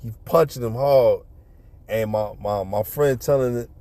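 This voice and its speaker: Mellow-voiced New man telling a story. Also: medium pitch, a little slow. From New York City. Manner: animated, acts out punches with sound effects. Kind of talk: casual storytelling.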